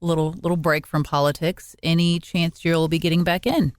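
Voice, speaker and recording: A woman co-hosting a podcast, chiming in briskly and in a friendly way. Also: sits low, steady tone, dry recording, clean studio sound. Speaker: podcast co-host. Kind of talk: casual podcast chat.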